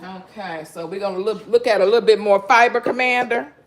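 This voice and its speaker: A woman's voice: mid-range voice, brisk, slight background noise. A woman chatting casually with viewers on a live stream while she cuts fruit and juices in her kitchen, greeting people by name and laughing often. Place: home kitchen.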